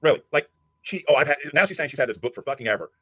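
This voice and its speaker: Man, angry profane rant, dry close sound, rapid-fire. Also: fairly high pitch, animated, no room sound. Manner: profane, aggressive, shouting insults. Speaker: livestreamer.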